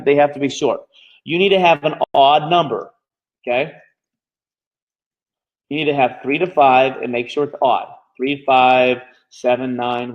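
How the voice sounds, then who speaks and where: A man teaching a live online marketing class, talking quickly and checking in with his students every few phrases. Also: a little high, muffled recording. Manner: fast-talking, constantly checking in with "okay?". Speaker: marketing bootcamp instructor.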